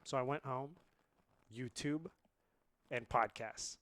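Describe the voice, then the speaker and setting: A man in his late twenties, originally from India, telling a story as a podcast guest in a lively, laughing way. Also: medium pitch, slow pace, dry recording. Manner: animated, laughs often. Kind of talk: casual storytelling.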